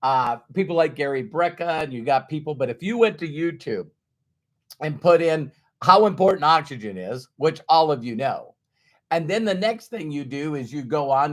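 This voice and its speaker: A man giving a conversational motivational talk who acts out the voices of doubters. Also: on the high side. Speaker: motivational speaker.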